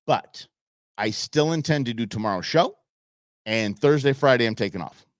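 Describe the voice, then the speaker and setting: Middle-aged guy hosting a live show, chatty storyteller, mid-pitch voice, dead dry room. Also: normal speed, no room sound. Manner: animated storyteller acting out quotes. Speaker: show host. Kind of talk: casual live-stream monologue. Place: home studio at a computer.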